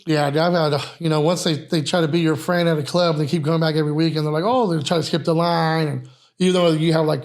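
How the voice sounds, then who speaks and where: A man who runs a nightlife security company, telling profane, animated stories in a casual podcast chat. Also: a little high, quick pace.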